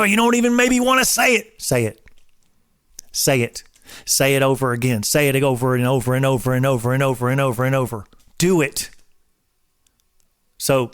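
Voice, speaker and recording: A man's voice: medium pitch, dry recording, studio quality. A man in his forties giving an emphatic, coach-like talk on faith and marriage, like a drill instructor. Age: 40s. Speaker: host. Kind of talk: casual preaching talk.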